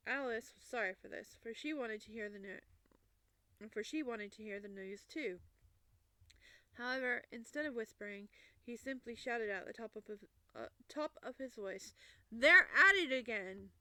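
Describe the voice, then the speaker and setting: A woman reading a classic children's book aloud, in lively narration with small restarts. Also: fairly high pitch, moderate pace, no echo. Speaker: storybook reader.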